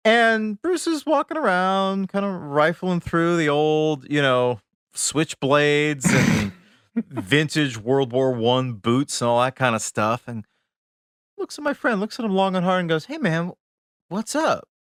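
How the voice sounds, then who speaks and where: A man co-hosting a podcast, spinning an anecdote with a voice that swoops up and down through a wide range. His delivery is casual and animated, sinking to a murmur for asides. The sound is dry and close, with no room echo. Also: measured pace, clear, resonant tone. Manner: animated storyteller, drops voice low for asides. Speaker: podcast co-host. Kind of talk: casual chat, storytelling.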